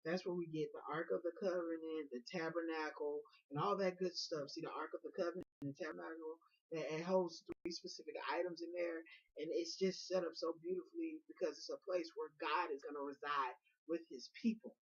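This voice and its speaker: A man's voice: on the high side, steady tone, a little fast. A man retelling a Bible story in a casual, rambling, conversational way. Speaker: Bible teacher. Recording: dull lo-fi recording.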